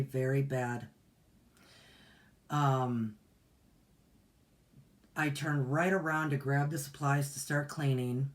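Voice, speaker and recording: Rambling, conversational woman spiritual teacher. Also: a bass voice. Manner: conversational, rambling with repeats and asides. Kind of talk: casual storytelling monologue.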